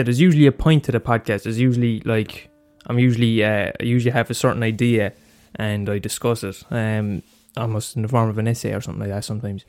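A man's voice: mid-range voice, fairly even intonation, quick pace, hardly any pauses, a little mellow, faint music behind. A man hosting a solo podcast, rambling casually with lots of swearing, fillers and restarts. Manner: loose and profane, many fillers and restarts. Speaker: podcast host.

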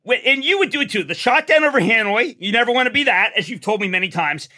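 Man in his 60s, guest in an interview, excitable rambling talker with a high, bright, very lively voice. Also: fast. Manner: excitable, rambling storyteller, rises to near-shouts. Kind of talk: animated conversation.

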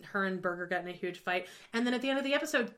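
A woman co-hosting a casual podcast, recapping a TV show in an animated way, swearing freely and acting out quotes. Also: mid-range voice, racing. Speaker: podcast co-host.

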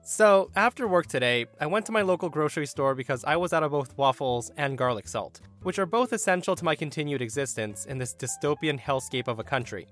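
A man hosting a podcast, reading revenge stories aloud with sarcastic, animated delivery. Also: fairly high pitch, fairly quick, hardly any pauses, soft background music. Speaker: podcast host.

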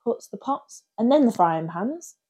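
Her voice sits on the high side with a breathy edge, and she talks a little slowly. As a podcast co-host in casual chat, she tells stories with animation and frequent laughter.

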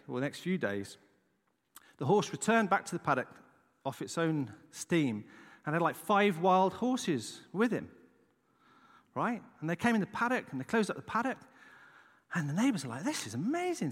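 A man's voice: a little high, very animated, moderate pace, in a large hall. A man preaching a casual sermon, chatty and conversational, tossing in "right?" asides as he tells a story.

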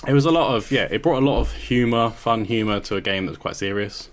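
A man's voice: on the low side, quick pace. A man co-hosting a podcast in loose, casual chat, swearing freely and padding with "like". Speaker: podcast co-host. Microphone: remote call mic.

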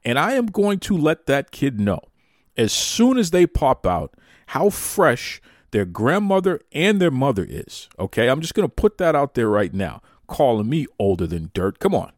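A man hosting a podcast, chatting casually in animated, mock-outraged banter. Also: medium pitch, normal speed, dry recording, clean studio sound. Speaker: podcast host. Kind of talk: casual chat.

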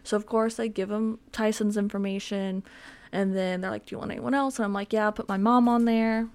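A woman's voice: mid-range voice, fairly even intonation, a little fast, a little mellow. A young woman hosting a podcast from home, chatting casually in a rambling, filler-heavy, self-mocking way. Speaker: podcast host. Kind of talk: casual solo chat. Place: home with dogs around.

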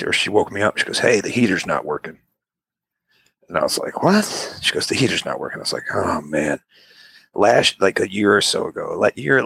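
A man's voice: low voice, vocal fry, fairly bright tone, husky, dry recording. A man in a casual chat, telling a rambling, laid-back story and acting out what people said.

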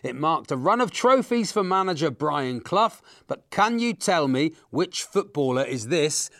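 A man's voice: fairly high pitch, sing-song, a little slow, fairly bright tone. A man hosting a quiz segment on a podcast, reading questions in an upbeat way. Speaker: quiz host.

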